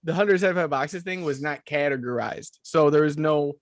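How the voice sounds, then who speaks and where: A man chatting casually on a podcast, chiming in with quick remarks. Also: on the high side, no echo, clean studio sound. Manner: quick interjections. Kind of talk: casual chat.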